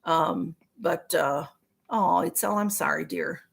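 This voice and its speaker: Her voice is lowish and slow, with vocal fry and a breathy edge, as she hosts a relaxed live stream. She goes through viewer comments with sympathy, frequently pausing on um and restarting her thoughts.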